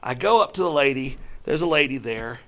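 A man telling a self-deprecating personal testimony to a church group, acting out his own thoughts in lively voices. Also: medium pitch, brisk. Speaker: speaker sharing a personal testimony.

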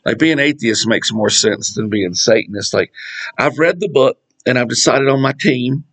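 A middle-aged man talks through scripture in a loose, conversational way. He has a mid-range voice, wanders off on tangents and chuckles at his own asides. His delivery is animated and unscripted. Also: medium pitch, moderate pace, poor audio. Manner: animated, digressive, laughs at his own jokes. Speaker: Bible teacher. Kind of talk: casual Bible study talk.

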